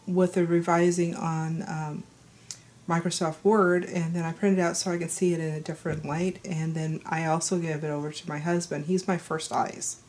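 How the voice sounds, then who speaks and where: A woman author, hoarse from a cold, casually explaining how she revises her writing, with a rambling delivery full of ums and uhs. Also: deep voice, little pitch movement, moderate pace, a little mellow. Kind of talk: casual explanatory video talk.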